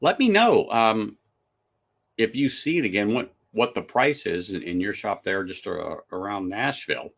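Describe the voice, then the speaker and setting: A man's voice: fairly low pitch, moderate pace, creaky. Laid-back man chatting on a whiskey stream. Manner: relaxed and chatty, with frequent restarts and fillers. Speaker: whiskey reviewer and live stream host. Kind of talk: casual live stream chat.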